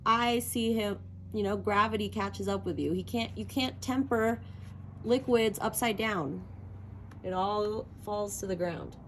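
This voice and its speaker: A woman reads tarot cards for her viewers in a loose, chatty way, giggling and thinking aloud as she goes. Her voice sits at an ordinary middle pitch. A faint hiss of noise runs underneath. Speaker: tarot reader. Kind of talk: casual tarot reading vlog.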